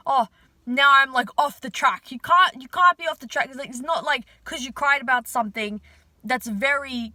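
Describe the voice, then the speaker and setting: A woman's voice: sits high, bright, forceful tone, dry recording. A young woman vlogger chatting casually to her viewers, full of fillers, casual swearing and hype. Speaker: manifestation vlogger.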